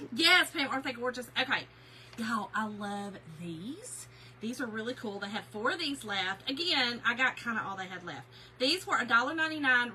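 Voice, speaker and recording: A woman hosting a casual craft haul livestream, chatty and excitable, greeting viewers by name. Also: medium pitch, a little hiss or hum, poor audio. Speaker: craft channel host.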